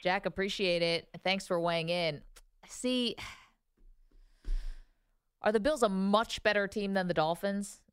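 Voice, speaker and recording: A woman co-hosts a sports talk show in an upbeat, lively way. Her voice is smooth and clear, recorded close and dry. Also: medium pitch, a little slow, pauses often, dry recording. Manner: lively, laughs often, upbeat. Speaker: sports radio co-host.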